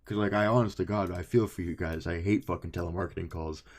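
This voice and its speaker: A young man with a lowish voice co-hosts a casual podcast. He tells stories in an animated, profane rush and acts out both sides of his own phone calls. It is loose, unscripted chat. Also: fast talker. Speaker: podcast co-host.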